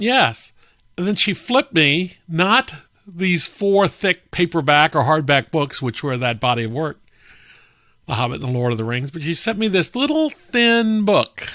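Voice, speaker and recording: A man hosting a podcast, telling a story in a relaxed, chatty way with frequent fillers. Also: a little high, no room sound, studio quality. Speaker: podcast host. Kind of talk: casual storytelling monologue.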